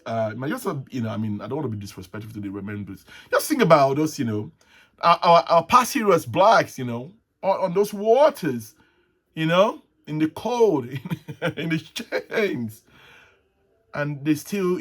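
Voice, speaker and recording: A man hosting a casual solo talk show, rambling and halting, with frequent restarts and soft chuckles. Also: fairly high pitch, sing-song. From Nigeria. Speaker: host. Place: at home, with tea.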